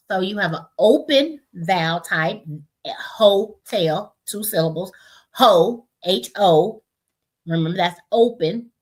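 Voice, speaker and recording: Bright-voiced woman teaching phonics. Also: on the low side. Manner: explains step by step, checks in with "right?"; sounds out words slowly, syllable by syllable. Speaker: literacy instructor. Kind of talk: parent education webinar.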